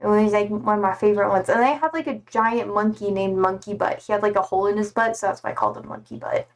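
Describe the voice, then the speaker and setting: A woman's voice: medium pitch, steady tone. A woman chatting casually on a live stream, playful and giggly. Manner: giggly and playful, slow drawn-out talk.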